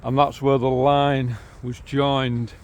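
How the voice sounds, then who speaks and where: A man's voice: mid-range voice, little pitch movement, slow pace, a little hiss or hum. A middle-aged man with a St Helens accent, chatting casually as he walks outdoors along canals and old railway lines, filming on a handheld camera. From St Helens, England. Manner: chatty, easygoing, cheerful about local sights. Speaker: vlogger guiding a railway walk. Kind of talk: casual walking-tour narration. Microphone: handheld camera while walking.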